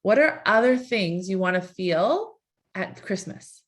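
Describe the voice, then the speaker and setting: A woman's voice: mid-range voice, expressive, a little slow. Coaxing woman coach asking questions. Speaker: life coach. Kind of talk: live online coaching session.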